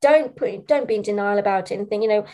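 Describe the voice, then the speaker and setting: A middle-aged woman who is both a speech practitioner and a parent talks earnestly in a conversational interview, often repeating words and saying "you know." Her mid-range voice is a little mellow and quick-paced.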